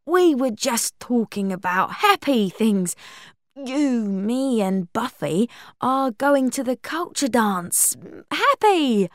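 An awkward teenage boy in a storybook, as a woman puts him on babbles and over-explains, his pitch jumping around. The sound is close and dry. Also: lively intonation, slow, dry recording. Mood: forced cheer.

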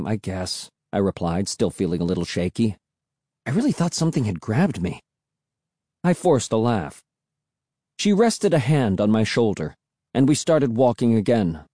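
A man reading a children's spooky novel aloud as an audiobook narrator, telling it in an expressive, dramatic way. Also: medium pitch, no room sound, clean studio sound.

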